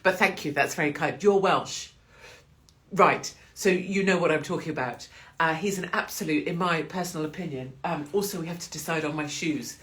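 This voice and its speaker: An English woman hosting a casual live stream for her viewers, chatty and quick to swear and laugh, talking to the camera at home. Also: low-pitched, fairly bright tone. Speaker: livestream host.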